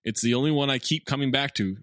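A man hosting a podcast in casual comedic chat, reading reviews aloud with an animated, mocking manner and free swearing. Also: medium pitch, fast, no echo, clean studio sound.

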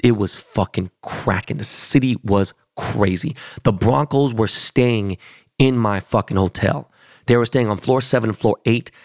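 Gravelly-voiced man telling stories. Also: lowish voice, measured pace, no room sound, studio quality. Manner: profane, boastful storytelling. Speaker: podcast host. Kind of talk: casual chat.

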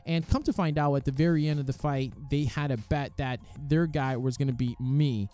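A man's story of his amateur boxing fight comes across as animated and informal, full of swearing and acted-out voices. He speaks at a moderate pace in a mid-range voice, over faint music.

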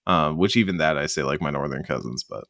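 Guy on a podcast, real low voice, laughs a lot and rambles, dry close sound. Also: dry recording. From Southern United States. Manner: animated, quick to laugh, rambling with restarts. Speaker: podcast co-host. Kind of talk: casual podcast chat.

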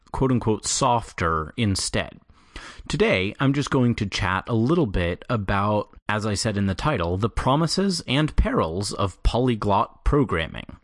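A man hosting a solo podcast, talking in a measured, explanatory way with a light self-deprecating touch. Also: on the low side, dry recording, clean studio sound. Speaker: podcast host. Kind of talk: solo scripted podcast monologue.

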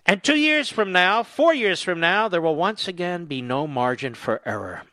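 A man's voice: high voice, expressive, normal speed, no room sound. A man hosting a political commentary show, reading quotes aloud and answering them with sarcastic, indignant remarks. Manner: sarcastic, indignant, rising to angry shouting. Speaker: talk radio host.

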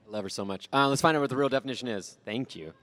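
A man's voice: medium pitch, rapid-fire, fairly bright tone, dry recording. A man hosting a live improv comedy show, running the game and teasing the players.

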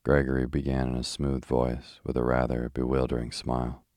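Man, sleep-story narrator, rhythmic and steady, very deep, monotone, dry close sound. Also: no echo. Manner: slow, steady, soothing.

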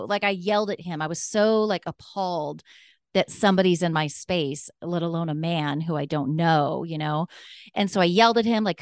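A woman's voice: lowish voice, a little fast, dry recording, studio quality. A young woman casually telling a personal story, chatty and full of "like" fillers. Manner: chatty, many "like" fillers, acts out quoted dialogue.

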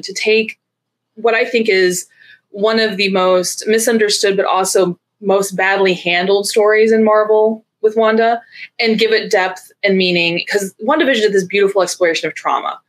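A woman's voice: mid-range voice, normal speed. A woman in a casual podcast chat, critiquing passionately and acting out quoted lines.

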